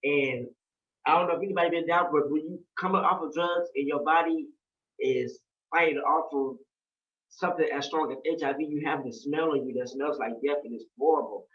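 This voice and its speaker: A man telling his own hard story in an earnest, repetitive way, with a fairly high voice for a man. He sounds set back from the mic in an echoey room, and the sound is dull. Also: steady tone, moderate pace, fairly bright tone. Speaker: storyteller sharing a personal story. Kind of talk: emotional personal testimony. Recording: roomy, distant, dull-sounding.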